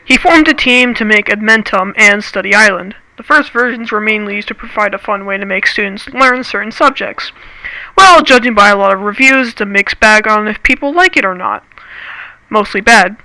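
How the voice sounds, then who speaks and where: A young American woman, a student, rants comedically to camera on her own channel, piling on sarcastic, exaggerated complaints. Her medium-pitched voice is creaky with a sharp tone, and the recording is rough.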